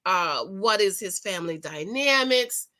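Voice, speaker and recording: Woman, middle-aged, bright voice, very lively pitch, chatty, laughs a lot, casual recap talk. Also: unhurried. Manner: animated, chatty, laughs often, talks straight to viewers. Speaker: TV show recap vlogger. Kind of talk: casual reaction commentary.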